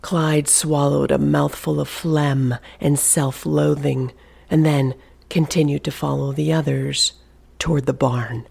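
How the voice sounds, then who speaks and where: A narrator reading a suspenseful novel aloud, in a hushed delivery that often drops to a whisper. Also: medium pitch, little pitch movement, slow pace, vocal fry, breathy edge. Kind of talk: audiobook narration.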